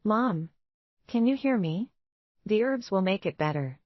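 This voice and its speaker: A woman's voice: mid-range voice, expressive, a little slow, dry recording, highs cut off. A woman reading a small, pleading girl. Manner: pleading, voice cracking. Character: small, desperate young wolf girl.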